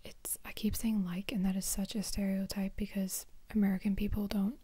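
A woman's voice: mid-range voice, level tone, normal speed, mellow, husky. A woman in a whispered ASMR chat, rambling and self-deprecating with lots of ums. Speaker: ASMR creator.

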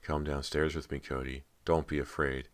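A man voicing a ghostly teenage girl who speaks softly and coolly, coaxing her sister to follow. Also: level tone, normal speed, no echo. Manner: soft, low, beckoning delivery.

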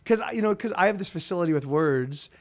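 A man's voice: high-pitched, animated, fast. A man hosting a casual live stream, telling rambling, profane stories with lots of restarts.

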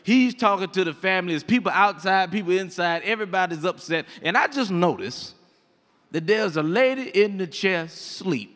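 A man doing a stand-up comedy set on stage, telling stories with animated delivery and acting out the voices of people in them. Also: high-pitched, normal speed, long reverb tail. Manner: animated storytelling, acts out voices. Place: comedy stage before a live audience.

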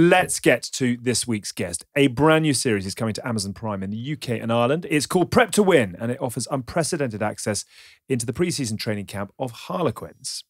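A man's voice: medium pitch, no room sound, studio quality. A man hosting a podcast, chatting and teasing before introducing the next guest. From England. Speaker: podcast host. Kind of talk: casual chat and show hosting.

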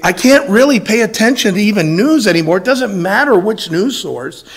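A man serving as assistant pastor, preaching an evening sermon in a hoarse, raspy voice, reading scripture and adding folksy, self-deprecating asides with some throat clearing. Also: high-pitched, lively intonation, normal speed. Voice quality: raspy, scratchy. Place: church sanctuary.

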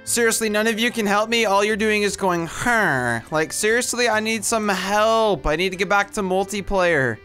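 A man's voice: high-pitched, normal speed, hardly any pauses, fairly bright tone, faint music behind. A man doing comedic game commentary, complaining in a whiny, exasperated way. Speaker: gameplay skit narrator.

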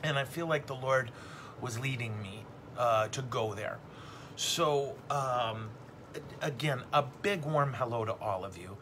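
Bright-voiced joking priest. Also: male voice, medium pitch, measured pace, a little hiss or hum. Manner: rambling, joking and self-deprecating. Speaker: Catholic priest hosting a livestream catechesis. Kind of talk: casual livestream teaching.

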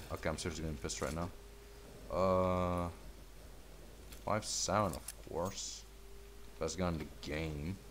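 A man with a low voice drawls through casual gameplay commentary at an unhurried pace. He mutters along, then bursts into swearing and trash talk at his opponents. A faint hiss sits under the recording. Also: gravelly. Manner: laid-back and mumbly, breaking into swearing, trash talk and yelps at the game.

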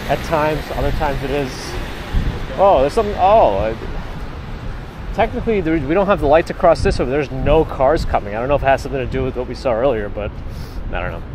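A man with a New York accent hosts a casual walking livestream at a middling pitch. He rambles in a chatty way and thanks his viewers one by one. Cars and city street noise come through clearly around him. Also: animated, brisk, pauses often. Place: outdoors on rainy city streets. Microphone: handheld camera rig. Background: street traffic.

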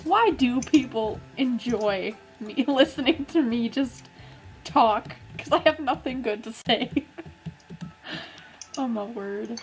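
A woman's voice: fairly high pitch, takes it slowly, soft background music. A woman playing a video game and chatting casually, giggly, playful and self-mocking as she builds and talks to a friend. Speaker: gaming YouTuber and server moderator.

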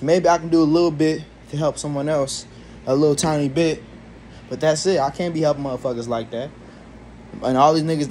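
A man's voice: a little high, a little mellow, a little hiss or hum. Young male vlogger, raised voice, rambles and curses through an exasperated rant. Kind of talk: casual ranting monologue.

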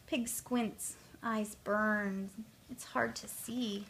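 A woman reading a rhyming children's picture book aloud, lively and voicing the characters. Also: fairly high pitch, takes it slowly. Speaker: storyteller.

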